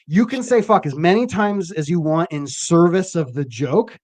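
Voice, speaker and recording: Higher-voiced man telling animated stories. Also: normal speed. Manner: animated storyteller, acts out quotes. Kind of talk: casual chat.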